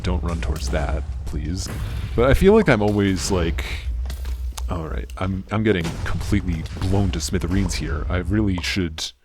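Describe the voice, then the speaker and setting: Man, deep voice, muted mumbly low-energy gameplay commentary, understated. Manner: soft, muted, mumbly delivery. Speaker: gaming channel host.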